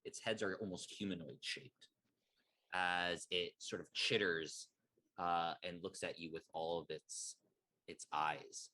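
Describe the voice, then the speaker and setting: Bright-voiced man narrating as game master. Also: sits low, steady tone, slow. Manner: descriptive with frequent fillers.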